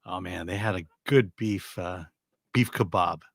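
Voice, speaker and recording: A man co-hosting a casual film chat, reading out viewer comments in a relaxed way. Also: low voice, unhurried, vocal fry, dry recording, clean studio sound. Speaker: podcast co-host.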